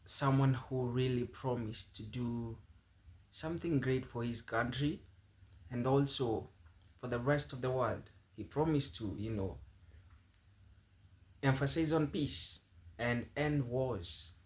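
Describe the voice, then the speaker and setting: A man's voice: medium pitch, takes it slowly, pauses often. A man hosting a commentary channel, talking earnestly to his viewers. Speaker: channel host. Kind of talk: commentary to camera.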